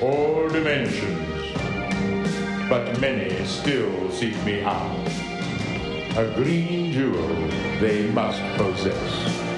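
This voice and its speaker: A man voicing an ancient, boastful evil green orb, speaking in a slow, looming way. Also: on the low side. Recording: film clip over loud score, echoey.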